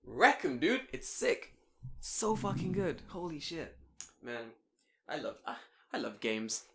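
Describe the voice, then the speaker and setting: A man's voice: fairly high pitch, unhurried, slightly rough. A man co-hosting a casual podcast, swearing freely and acting out his own thoughts while he tells stories. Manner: animated, swearing, storytelling with acted-out inner voices. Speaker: podcast co-host. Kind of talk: casual chat.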